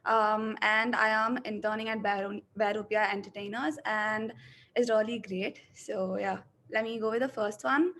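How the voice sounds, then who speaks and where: A woman's voice: medium pitch, steady tone, normal speed, fairly bright tone, a little hiss or hum. A young woman, a first-year acting student introducing herself politely in class. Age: young adult.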